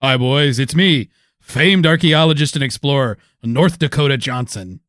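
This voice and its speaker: A man's voice: medium pitch, moderate pace, a bit bright, no echo, studio quality, natural voice. A man voicing a boastful, roguish male archaeologist and college professor who loots antiquities, talking with brash self-promotion.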